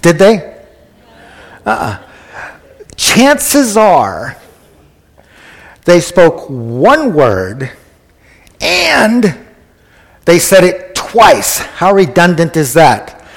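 A man's voice: high-pitched, wildly swooping pitch, very slow, vocal fry, pauses often. A man preaching a conversational sermon who often asks the congregation questions. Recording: echoey hall.

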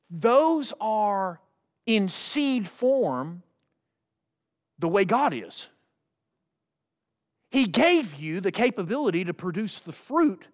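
A man preaching a sermon, folksy and animated, jumping from loud high exclamations to low quiet asides. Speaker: pastor.

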